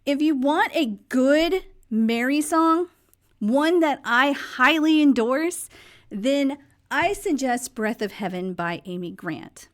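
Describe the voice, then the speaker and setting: A woman, hoarse and losing her voice, giving her opinions in a casual, chatty vlog. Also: high-pitched, expressive, takes it slowly. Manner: chatty, opinionated, faith-focused. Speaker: vlog host.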